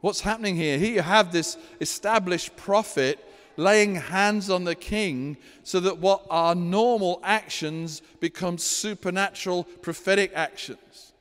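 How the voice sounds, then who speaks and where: A pastor preaches from the front of a church, animated and storytelling as he works through scripture at a slightly slow pace. His voice is a little high for a man, he acts out scenes in a high, panicky voice, and the hall answers with a long, lingering reverb.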